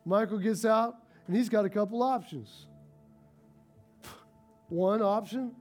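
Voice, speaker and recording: A male pastor preaching a sermon, telling stories with animated, rising excitement. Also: sits high, takes it slowly, long pauses, soft background music.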